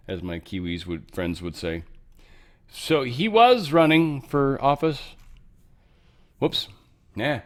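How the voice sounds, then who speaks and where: A man's voice: mid-range voice, expressive, slow pace, long pauses. A man hosting a casual news commentary show, talking in a rambling, offhand way with lots of fillers and restarts. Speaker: show host.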